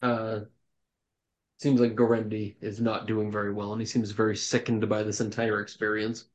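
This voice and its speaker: A man running a tabletop game as dungeon master, narrating in a loose, relaxed way full of ums and restarts. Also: on the low side, moderate pace. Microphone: home microphone on an online call.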